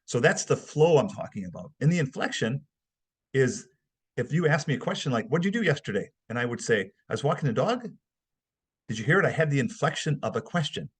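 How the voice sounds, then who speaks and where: Man, webinar lecture, husky voice, conversational, emphatic. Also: mid-range voice. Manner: conversational, emphatic, acts out examples. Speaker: behavioral analysis instructor.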